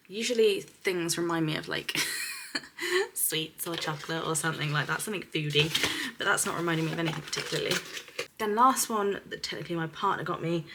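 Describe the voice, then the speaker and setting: A young woman from the UK, a beauty vlogger, chatting casually to camera about perfumes, giggly and dropping into soft whispers. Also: fairly low pitch, slight background noise. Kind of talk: casual fragrance review to camera.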